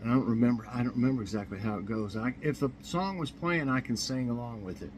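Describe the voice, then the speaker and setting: A man's voice: mid-range voice, fast. Man, chatty morning host, rambles and chuckles, kitchen with a faint hum behind. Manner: rambling, chuckles at his own jokes. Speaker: host of a morning chat show. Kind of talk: casual chat. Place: home kitchen.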